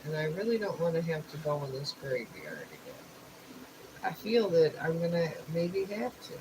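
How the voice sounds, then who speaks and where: At a moderate pace and medium pitch, a just-awakened streamer talks casually while painting, musing aloud and walking through the art supplies step by step, with steady noise in the background.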